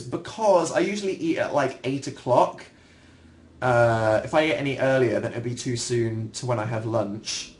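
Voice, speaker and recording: A man's voice: medium pitch, normal speed. A young man hosting a casual livestream, answering viewers in a rambling, self-deprecating way with dry humor. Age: young adult. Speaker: livestream host.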